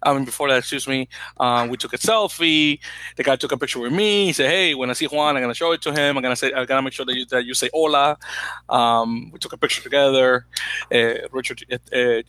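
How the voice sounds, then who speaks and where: A man co-hosting a podcast, rambling through an animated story with lots of fillers and restarts, a native Spanish speaker. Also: medium pitch, fast talker, no echo, poor audio. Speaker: podcast co-host. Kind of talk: casual chat.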